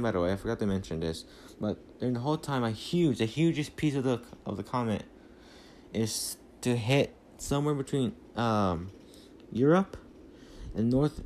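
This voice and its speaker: A man's voice: mid-range voice, a little mellow, a little hiss or hum. A man rambling through a casual movie recap on a phone mic, full of fillers and restarts. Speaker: podcast host.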